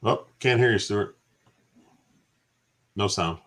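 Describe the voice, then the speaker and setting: Relaxed male co-host, somewhat low voice, casual stream talk. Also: takes it slowly, slight background noise.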